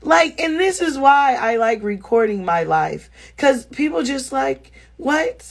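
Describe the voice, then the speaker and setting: A woman's voice: high voice, a little slow, creaky. A woman telling a story on a live stream from home over her phone, talking bluntly with lots of swearing. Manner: blunt, animated, swears freely. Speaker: vlogger. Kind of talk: casual live storytelling to viewers.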